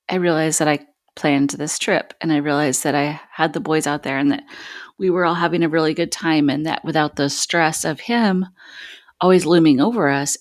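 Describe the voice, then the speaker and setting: Woman, podcast host, low voice, dry close mic, candid personal storytelling, halting with pauses. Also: no room sound.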